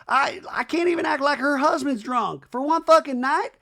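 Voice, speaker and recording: A man's voice: very high-pitched, normal speed, creaky, bright, forceful tone, pitched above the performer's own voice, heavily acted. A man voicing a distraught reality star woman who whines near tears and swears.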